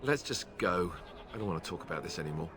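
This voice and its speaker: Alistair, a stammering earnest young warrior. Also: male voice, low voice, animated, fast talker, a bit bright. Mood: dejected. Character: earnest young prince-warrior, awkward and hurt. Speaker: video game character.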